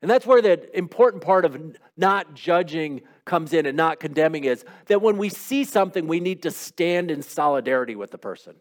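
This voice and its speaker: Conversational pastor preaching a sermon, higher voice. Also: male voice. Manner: conversational, with acted-out quotes and rhetorical questions.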